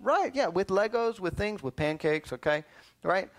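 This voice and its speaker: Animated man teaching kids Bible class. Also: high-pitched, moderate pace. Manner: lively, keeps calling for attention, quizzes the kids. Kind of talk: animated Sunday school lesson.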